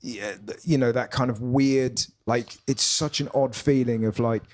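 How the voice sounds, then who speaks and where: A man's voice: medium pitch, steady tone, a little slow, a little mellow. A man with a British accent, a comedian guest, chatting in a pub, full of restarts and enthusiasm. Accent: British English. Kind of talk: casual chat.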